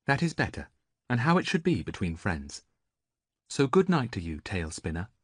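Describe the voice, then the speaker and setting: A woman's voice: very deep voice, very animated, normal speed, breathy edge, dry recording, heavily acted. A man voicing a proud, sarcastic young priestess in an audiobook, speaking in a dry, mocking way. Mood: frank.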